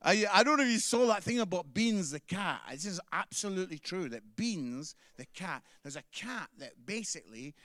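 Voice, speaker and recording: A man's voice: high-pitched, expressive, normal speed, hardly any pauses, a bit bright, no echo, studio quality. A man from Scotland with a Scottish accent doing a chatty stand-up comedy set, tagging his lines with "yeah?".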